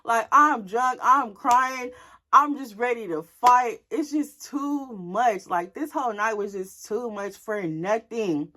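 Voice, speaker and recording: A woman's voice: on the high side, slow. Candid young woman telling a story. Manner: animated, candid, profane, addresses the viewers directly. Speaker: vlogger. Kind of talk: casual storytime.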